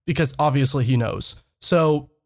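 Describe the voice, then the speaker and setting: A man's voice: a little high, moderate pace, darkish tone. A young man casually telling a funny story on a podcast, swearing freely and laughing often as he talks. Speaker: podcast host.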